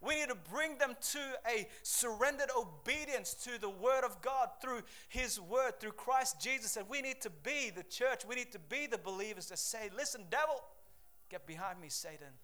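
A man preaching an energetic sermon, reading Bible verses and calling out to the congregation for a response. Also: extremely high pitch, moderate pace, few pauses.

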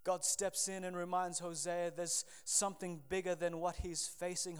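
A man preaches a sermon with fervent, dramatic delivery. His voice sits high and sounds smooth and resonant. He swings from loud appeals to quiet, hushed lines. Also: level tone, normal speed. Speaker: pastor.

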